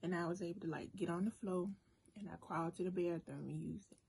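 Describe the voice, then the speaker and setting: A woman vlogger telling a story casually to her viewers, animated and talking straight to them. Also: lowish voice, quick pace, gravelly, slight background noise. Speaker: cooking and mukbang vlogger. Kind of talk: casual storytime while eating.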